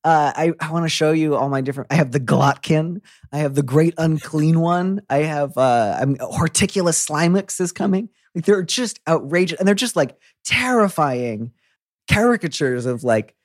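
A young adult man hosting a podcast, chatting in an effusive, animated way. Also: fairly high pitch, normal speed, no room sound, studio quality. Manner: animated, effusive, breaks into quoted voices. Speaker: podcast host. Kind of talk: casual conversational chat.

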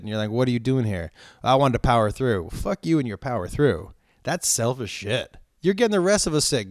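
A comedian telling stories in casual chat, swearing often and ranting with animation. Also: male voice, medium pitch, dry recording, studio quality. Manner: profane, animated storytelling rants.

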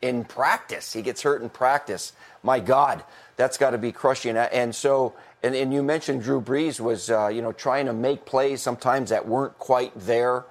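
A man's voice: medium pitch, steady tone, normal speed. A middle-aged former football coach chatting on a podcast, talkative, laughing often and restarting his sentences. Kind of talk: casual podcast chat.

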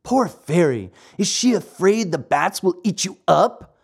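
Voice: medium pitch, lively intonation, a little slow, slightly rough. A narrator doing a coaxing runaway boy. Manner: coaxing and insistent.

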